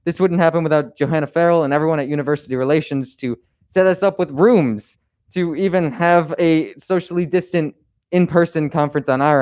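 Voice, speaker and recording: A young man as conference organizer, giving a closing ceremony speech in an earnest, halting way with many restarts. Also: fairly high pitch, a little mellow. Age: young adult.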